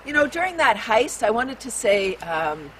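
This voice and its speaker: A woman's voice: a little high, big pitch swings, moderate pace, a bit bright. Bubbly woman exclaiming outdoors. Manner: bubbly, exclaiming, laughing often. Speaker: host. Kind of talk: outdoor tour vlog with breathing exercises. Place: outdoors in a maple forest and sugar shack. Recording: distant mic, faint outdoor hum.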